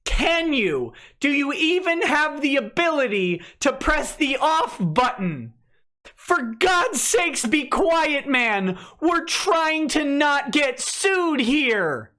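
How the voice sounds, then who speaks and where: A man putting on the voice of an exasperated male HR officer begging someone to be quiet. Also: extremely high pitch, very animated, slow, exaggerated voice. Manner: pleading, exasperated.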